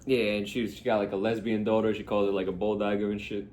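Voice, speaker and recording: Laid-back low-voiced young man. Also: flat delivery, fast talker, a little mellow, a little hiss or hum. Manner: laid-back, frequent agreeing. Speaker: podcast co-host. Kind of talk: casual chat.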